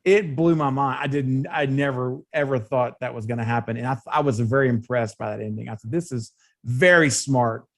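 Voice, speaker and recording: A man appearing as a podcast guest in a casual film discussion, telling stories in an animated, drawn-out way. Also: mid-range voice.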